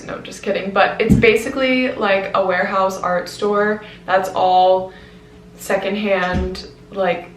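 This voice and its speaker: A woman's voice: medium pitch, slight background noise. A young woman chatting casually to her camera, rambling with lots of fillers and self-mocking asides. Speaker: vlogger. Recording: roomy echo.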